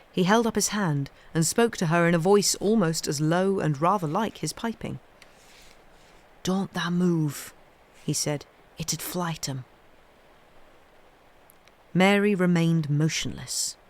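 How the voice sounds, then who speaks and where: A woman reading a classic children's novel aloud in a steady storytelling voice. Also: on the low side. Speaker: reader.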